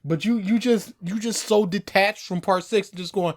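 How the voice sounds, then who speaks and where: A man's voice: high-pitched, moderate pace. A man co-hosting a podcast, talking in an emphatic, rambling way in casual chat. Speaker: podcast co-host.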